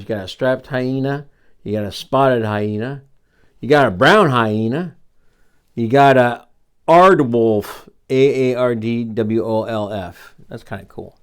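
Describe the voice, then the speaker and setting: An older man reads a children's picture book aloud as a grandfather storyteller. He stops now and then to encourage his young listeners. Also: mid-range voice.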